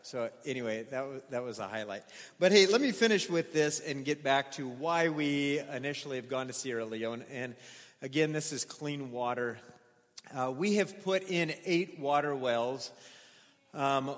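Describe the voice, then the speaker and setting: A man's voice: fairly high pitch, in a large hall. A male pastor giving a chatty, story-filled report on a mission trip to his congregation.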